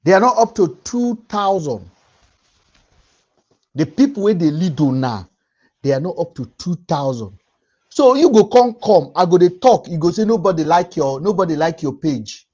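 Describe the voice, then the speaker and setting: Young Nigerian man, Pidgin accent, lively high-pitched livestream ranter, muffled stream sound. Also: moderate pace, slightly rough. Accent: Nigerian Pidgin English. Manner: emphatic, repeats lines for effect. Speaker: livestream host. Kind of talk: animated livestream rant.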